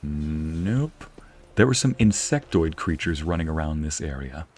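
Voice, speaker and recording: A man's voice: a bass voice, lively intonation, unhurried, a little mellow. A young man casually commenting on a game he is playing, joking and laughing often. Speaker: streamer narrating a game playthrough.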